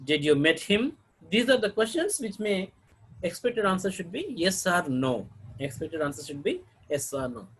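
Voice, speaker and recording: Husky-voiced man teaching intonation. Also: high-pitched, animated, normal speed, fairly bright tone, poor audio. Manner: demonstrates example sentences twice, clears throat often. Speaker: English teacher. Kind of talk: recorded lecture on intonation.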